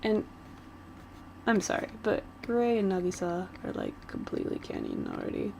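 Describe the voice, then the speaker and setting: A woman's voice: medium pitch, huge pitch swings, normal speed, gravelly, warm tone, slight background noise, poor audio. A woman vlogger chatting casually while she doodles, rambling and giggling like a gushing fan.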